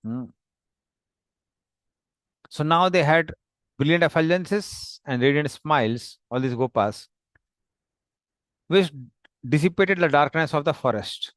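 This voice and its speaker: A man tells a devotional story at an unhurried pace, pausing often and explaining each slide. His voice sits a bit high for a man, and the sound is close and dry with no room echo. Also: fairly bright tone. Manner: slow, plain, explanatory with pauses.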